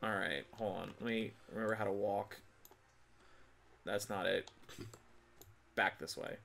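A man hosting a casual gaming video, narrating his play with frequent swearing, laughter and frustrated shouts. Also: lowish voice, steady tone, unhurried, gravelly, soft background music. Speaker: gaming channel host. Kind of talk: casual let's-play commentary.

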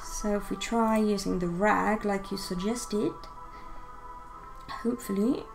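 A woman's voice: medium pitch, steady tone, measured pace, gravelly, soft background music. A woman chatting casually while playing a game, giggly and teasing, laughing often. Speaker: game player. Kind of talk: casual let's-play chat.

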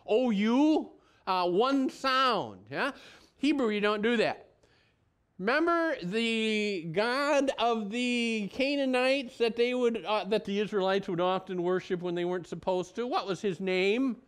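A man's voice: high-pitched, a little slow, fairly bright tone, smooth. A male pastor giving a conversational sermon in a folksy, rambling way, often restarting his sentences and drifting into asides.

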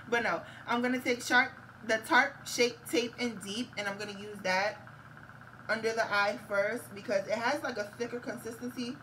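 A young woman talks her way through a makeup routine in a loose, candid vlog style. Her voice is bright and forward, and she swears freely. A faint background hum sits under the recording. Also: a little high, steady tone, moderate pace, poor audio. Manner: chatty, candid, swears and laughs often. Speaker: beauty vlogger. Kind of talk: casual makeup tutorial chat. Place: room at home with a fan on.

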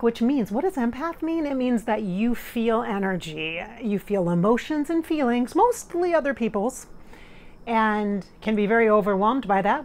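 A middle-aged woman working as a spirit medium talks casually to her viewers. She is earnest and emotional, laughs often and tears up. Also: medium pitch. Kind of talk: casual monologue during a channeling session.

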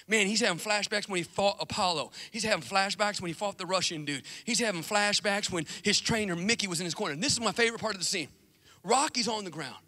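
A middle-aged man preaching a lively sermon, telling stories animatedly and acting out scenes. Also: high-pitched. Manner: animated storytelling, acts out movie scenes. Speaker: pastor. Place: church sanctuary. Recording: long reverb of a large church hall.

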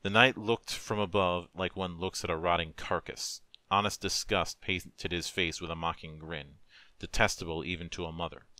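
A man narrates a dark story in a solemn, measured, emotive voice. His voice is very deep but bright and forceful. The recording is close and dry, with no room sound. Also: steady tone, dry recording. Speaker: narrator, streamer. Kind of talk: dramatic story reading.

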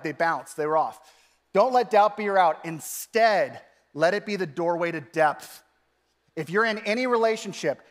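A pastor delivers a casual, animated sermon, peppering it with "like." His voice sits high for a man. Long reverb from the church hall trails behind every phrase. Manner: conversational, animated, frequent "like" fillers.

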